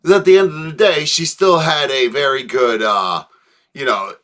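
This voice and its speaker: Bright, emphatic reacting man. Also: medium pitch, normal speed. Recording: music playing behind.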